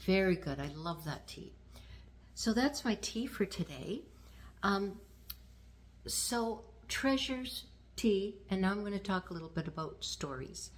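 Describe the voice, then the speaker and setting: A woman in her sixties from Canada, hosting her own vlog and talking to the camera in a gentle, unhurried way with fillers. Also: mid-range voice, expressive, a little hiss or hum. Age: 60s. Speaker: vlog host. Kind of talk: casual talk to camera.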